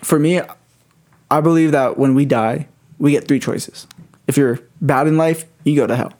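A man's voice: on the high side, normal speed, a little mellow. A young man in his twenties telling a rambling, swear-heavy story in casual chat.

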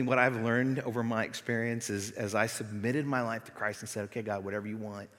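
A middle-aged male pastor giving a sermon, moving between loud, emphatic preaching and soft, near-whispered passages. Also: on the low side. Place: church sanctuary. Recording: long hall reverb.

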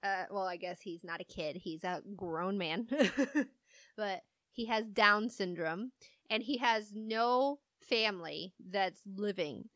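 A woman's voice: medium pitch, takes it slowly, a bit bright, no room sound. A woman co-hosting a casual movie-review chat, retelling plots in a giggly, rambling way full of "like". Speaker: podcast co-host.

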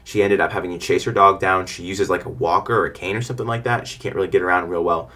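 Young male business owner, low-pitched, quick, frank and rambling. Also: fairly even intonation, pushed and bright. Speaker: lawn care business owner. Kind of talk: casual advice monologue.

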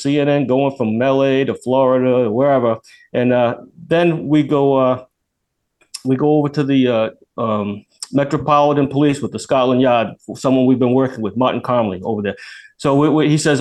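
A man in later life, a retired federal agent, telling a long story as a guest on a radio show, acting out the voices of the people in it and often restarting his sentences. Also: medium pitch. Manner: animated, acts out quoted voices, many restarts. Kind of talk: casual storytelling.

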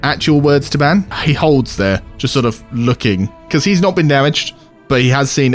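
A man running a tabletop game as game master, describing scenes in a measured way. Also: medium pitch, lively intonation, faint music behind.

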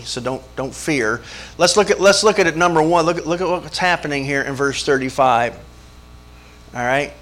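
A man's voice: a little high, fairly bright tone. Folksy preacher man. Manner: folksy storytelling, acts out voices, chuckles. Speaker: pastor. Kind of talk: sermon with jokes.

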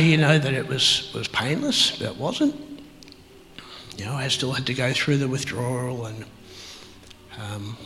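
A man telling his life story as an interview guest, halting and reflective, with many pauses and fillers. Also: mid-range voice, vocal fry, long reverb tail, poor audio. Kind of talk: personal testimony in an interview.

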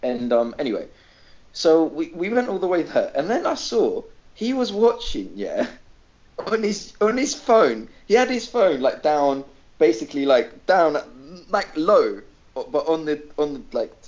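Animated storytelling man, lively voice. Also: a little high, unhurried, highs cut off. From Greece. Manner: animated, swears freely, acts out quoted people. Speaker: podcast regular. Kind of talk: casual storytelling.

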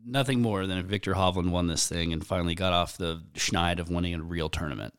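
Dude cohosting a podcast, lowish voice, dry close sound, jokey and teasing. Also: male voice, fairly even intonation, fast talker, a bit bright, smooth, no echo. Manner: joking, mock-quotes players. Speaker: podcast co-host. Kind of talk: casual chat.

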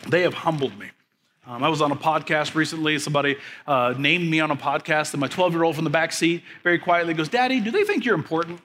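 A pastor in his thirties preaching a sermon, building emphatic repeated lines, then dropping into soft, quiet stories about his family. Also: a little high, fairly even intonation, fast, a little hiss or hum. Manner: preaching with rising, emphatic repetition; drops to a soft, quiet storytelling voice.

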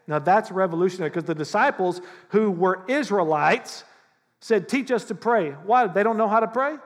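High-voiced animated preacher in a hall. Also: male voice, normal speed. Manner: animated, acts out prayers in mock voices. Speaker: pastor. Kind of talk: sermon.

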